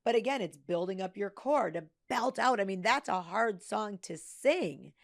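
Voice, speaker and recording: A woman's voice: mid-range voice, animated, moderate pace, gravelly, no echo, clean studio sound. A woman hosting a podcast, talking in a chatty, enthusiastic way with lots of agreement. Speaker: podcast host, parent. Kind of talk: casual conversational interview.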